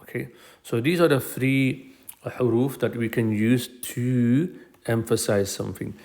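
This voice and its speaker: A man's voice: mid-range voice, steady tone, a little slow, a little mellow. Patient man teaching a grammar lesson. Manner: patient, explanatory, repeats key phrases.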